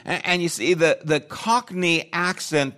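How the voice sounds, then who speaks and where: A man's voice: a little high, unhurried, bright, forceful tone. A man preaching a sermon, talking in a conversational way and thinking aloud with restarts. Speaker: pastor.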